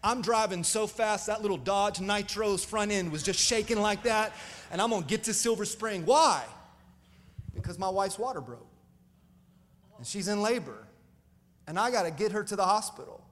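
A male pastor telling stories in a sermon, animated and calling out to the congregation. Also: high-pitched, normal speed, in a large hall. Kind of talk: storytelling sermon.

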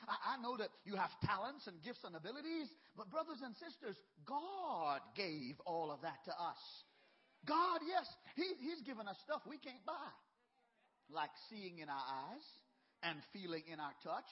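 A man's voice: sits high, breathy edge. A pastor preaching a sermon, telling a story and building his points with rhythmic repetition and emphatic bursts. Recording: dull lo-fi sermon recording.

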